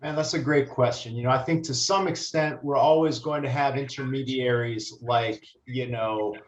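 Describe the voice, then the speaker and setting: A man, a musician guest in an interview, answering in a measured, thoughtful way. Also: medium pitch, fairly even intonation. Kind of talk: conversational interview. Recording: echoey, dull remote audio.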